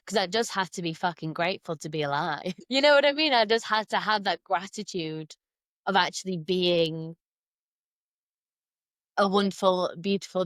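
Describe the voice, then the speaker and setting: A woman's voice: fairly low pitch, fairly bright tone, dry recording, clean studio sound. A woman hosting a podcast, chatting casually with slangy, frank phrasing. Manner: casual, slangy, laughs easily. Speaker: podcast host. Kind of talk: casual chat.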